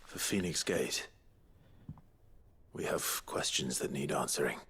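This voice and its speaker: An actor voicing a serious, earnest young male swordsman in a game, speaking in a steady, measured way. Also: very deep voice, breathy edge, heavily acted. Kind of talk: game dialogue.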